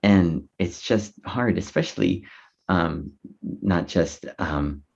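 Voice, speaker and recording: Gravelly low male co-host, dull audio. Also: expressive, a little mellow. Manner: halting, with frequent fillers. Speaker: podcast co-host. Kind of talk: casual interview talk. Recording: dull lo-fi sound.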